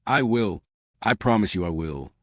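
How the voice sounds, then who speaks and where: A man voicing an adult male crime boss who speaks quietly and steadily, with restraint. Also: fairly low pitch, lively intonation, moderate pace, no room sound, clean studio sound. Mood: firm.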